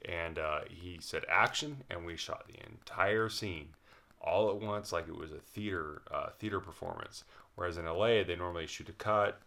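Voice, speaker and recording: Deep-voiced man telling a loose story. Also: normal speed, gravelly, a bit bright. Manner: loose storytelling, laughing, swearing. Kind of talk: casual chat.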